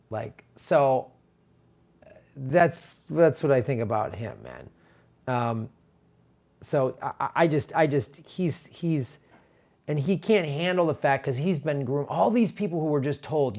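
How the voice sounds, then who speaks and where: A man's voice: a little high, vocal fry, darkish tone. A man who is a comedian, giving casual political commentary in a profane, exasperated rant full of stammered restarts.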